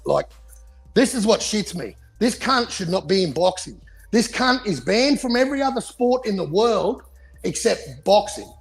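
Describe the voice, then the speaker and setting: A man rants about boxing in a gravelly, husky voice, his pitch swinging up and down. He swears constantly and keeps up a heated, casual chat. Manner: profane, heated ranting. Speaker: podcast co-host.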